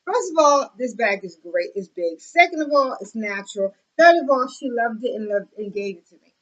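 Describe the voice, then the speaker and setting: A woman's voice: on the high side, expressive, normal speed, fairly bright tone, lo-fi sound. A young adult woman talking casually on camera, chatty and effusive, with lots of fillers and asides as she shows off a bag. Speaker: vlogger. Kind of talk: casual show-and-tell chat.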